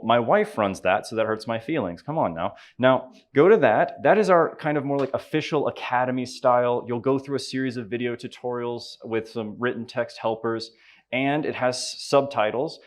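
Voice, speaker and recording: Upbeat Southern US man demoing software. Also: medium pitch. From Southern United States. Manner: upbeat, joking, chatty with frequent asides. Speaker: conference presenter. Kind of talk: live tutorial talk with on-screen demo.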